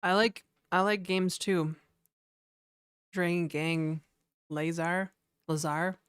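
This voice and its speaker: A woman's voice: lowish voice, fairly even intonation, slow pace, clear, resonant tone, dry recording, clean studio sound. A young woman live-coding on a stream, chatting casually and wryly with viewers and answering their comments. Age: young adult. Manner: offhand and wry, talking straight to viewers.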